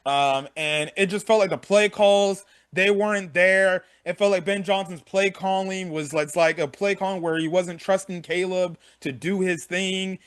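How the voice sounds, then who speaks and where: A young man with a notably high-pitched voice talks through a game recap in a loose, unscripted way. He swears freely and keeps restating his points as he goes. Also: steady tone, unhurried, hardly any pauses, clear, resonant tone. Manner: frank, profane, repeats himself. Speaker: sports fan vlogger. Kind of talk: casual game recap rant.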